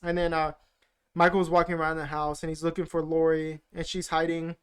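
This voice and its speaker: In a slightly high, monotone voice that's clear and resonant, a podcast co-host briskly recaps a movie. His retelling of the plot is rambling and casual, packed with fillers.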